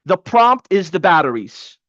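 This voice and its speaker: The coach is a man with a high voice running an online training, a little slow but casual and energetic, repeating points for emphasis. The sound is dry and slightly dull, as from a lo-fi webcam mic.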